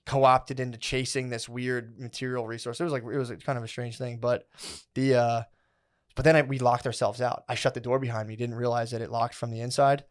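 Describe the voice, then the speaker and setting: A man on a casual comedy podcast, spinning a long, rambling story with lots of swearing and filler words. His voice sits at an ordinary middle pitch and he talks in an animated, excitable way. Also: brisk. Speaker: podcast co-host.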